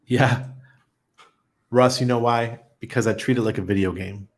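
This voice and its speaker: A man's voice: medium pitch, steady tone, moderate pace. A middle-aged man hosting a casual livestream, chatty and telling stories with easy laughs, reading out viewer comments. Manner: chatty, storytelling, laughs easily. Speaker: host of a crypto channel.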